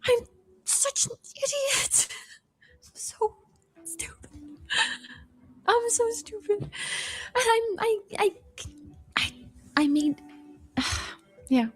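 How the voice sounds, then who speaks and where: A woman giving a halting, emotional apology, full of fillers and trailing into whispers. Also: very high-pitched, animated. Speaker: streamer apologizing in a video.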